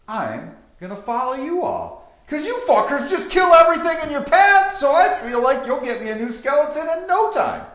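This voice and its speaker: A shrill outraged hobgoblin. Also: male voice, fairly bright tone, heavily acted. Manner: shrieking, swearing, outraged. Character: shrill panicky hobgoblin necromancer, indignant. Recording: echoey room.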